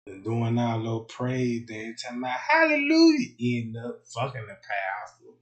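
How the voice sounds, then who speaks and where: A man hosting a livestream, telling a profane comic story in an animated way, swinging from hushed asides to loud outbursts. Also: mid-range voice, moderate pace. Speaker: comedic livestream host. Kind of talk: profane comedic storytelling rant.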